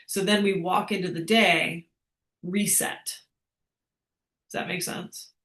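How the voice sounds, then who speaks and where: A woman's voice: on the low side, steady tone, takes it slowly, fairly bright tone, roomy sound. A woman fitness coach answering questions in a live class, chatty and upbeat, laughing as she explains.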